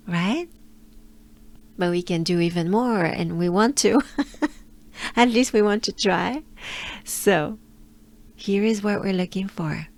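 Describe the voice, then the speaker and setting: A woman's voice: mid-range voice, animated, slow pace, pauses often, darkish tone. A woman from France with a French accent, coaching pronunciation patiently and drilling each sound by repetition. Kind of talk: slow pronunciation lesson.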